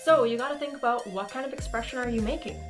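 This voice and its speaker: A woman's voice: a little high, quick pace, over music. A woman hosting a casual cosplay tutorial, talking to the camera in a playful, goofy way and acting out expressions.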